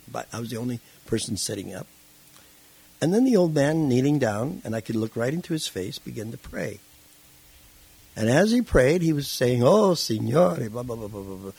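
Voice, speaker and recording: A man being interviewed who tells his life story in a casual, animated way and acts out the voices in it. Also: medium pitch, vocal fry, breathy edge, low-quality recording. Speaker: interview guest.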